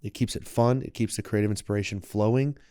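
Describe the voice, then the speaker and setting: Guest casting: young man, wellness coach, reflective and animated; low, smooth, mellow voice, dry close sound. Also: quick pace, dry recording. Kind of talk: casual podcast conversation.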